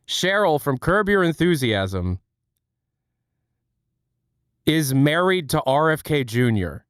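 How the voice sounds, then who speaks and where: A man's voice: on the high side, big pitch swings, fairly bright tone, clean tone, no room sound, studio quality. A young man hosting a livestream, chatting with viewers in a rambling, joking way at home. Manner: rambling, joking, quick asides. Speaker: livestream host. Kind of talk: casual chat with chat viewers.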